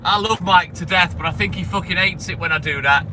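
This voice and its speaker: A man's voice: high-pitched, brisk, sharp tone. Chatty sweary milkman on a noisy round. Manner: chatty, swears freely, greets chat by name. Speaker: milkman streamer. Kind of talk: casual live-stream chat while driving. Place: in a vehicle on a delivery round. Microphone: phone camera. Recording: noisy with street and car sound. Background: car and street noise.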